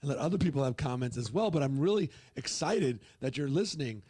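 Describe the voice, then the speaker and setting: Man, husky voice, dry close sound, easygoing co-host, casual chat. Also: medium pitch, animated, quick pace, mellow, dry recording.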